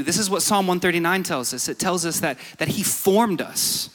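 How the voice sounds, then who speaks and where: A man's voice: high-pitched, expressive, moderate pace, a bit bright. A young man preaching a sermon, telling a personal story and building to emphatic exhortation. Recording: reverberant hall.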